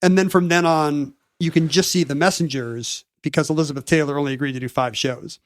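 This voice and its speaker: A man co-hosting a chat podcast, explaining a topic at length with frequent pauses and restarts. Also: on the high side, fairly even intonation, no room sound, clean studio sound. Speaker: podcast co-host. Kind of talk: casual chat, recapping a topic.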